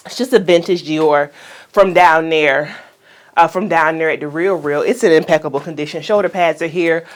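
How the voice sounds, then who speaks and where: A woman's voice: low-pitched, moderate pace. A woman fashion vlogger chatting casually through an outfit try-on, playful and exclaiming as she talks to her viewers. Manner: playful, exclaims "girl" and "y'all", chatty and animated. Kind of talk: casual try-on vlog chat.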